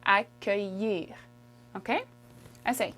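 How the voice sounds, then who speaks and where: A woman from Quebec teaching French, who says each word slowly and repeats it for the learner. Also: medium pitch, steady tone, a bit bright, faint music behind. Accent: Québécois French. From Quebec, Canada. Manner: patient, drills words slowly and repeats them. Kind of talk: video language lesson.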